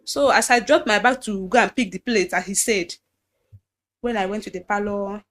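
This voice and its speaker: A woman with a Nigerian accent giving a personal testimony in an earnest, halting way, often repeating phrases and restarting. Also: mid-range voice, a bit bright. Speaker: guest recounting abuse.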